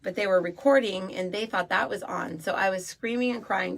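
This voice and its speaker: A woman's voice: medium pitch, moderate pace, gravelly. A woman radio host talking in a casual, rambling way about spirituality, with many fillers and asides.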